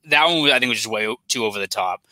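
A man's voice: fairly low pitch, lively intonation, very fast, pushed and bright, dry recording, low-quality recording. A young man from South Boston with a Boston accent, a sports reporter chatting casually as a podcast guest, rambling with lots of "like" fillers. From South Boston, USA.

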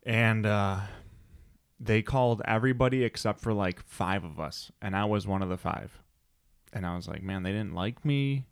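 A man with a low voice chats casually as a podcast co-host. He rambles through his stories and acts out other people's lines as he goes. The recording is dry and close. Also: normal speed, clear, resonant tone, no room sound. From United States. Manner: rambling storyteller, acts out quotes. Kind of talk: casual chat.

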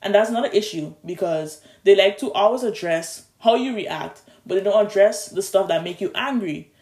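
A young adult, telling a long story in a casual, animated way, with restarts and stumbles, recorded on a phone. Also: mid-range voice, moderate pace, reverberant. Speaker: vlogger.

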